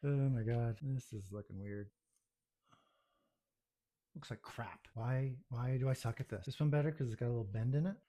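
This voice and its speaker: A man's voice: mid-range voice, normal speed, pauses often, warm tone. A man narrating his own home baking video, muttering to himself with self-deprecating exasperation as things go wrong in his kitchen.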